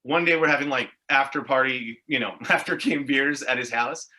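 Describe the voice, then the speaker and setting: Montreal anglophone guest, very bright tense tone, rambling and sweary, casual chat. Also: male voice, mid-range voice, normal speed. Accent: English Canadian (Montreal Anglophone). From Montreal, Quebec. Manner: rambling, tangential storytelling with frequent swearing. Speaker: guest, actor and improviser.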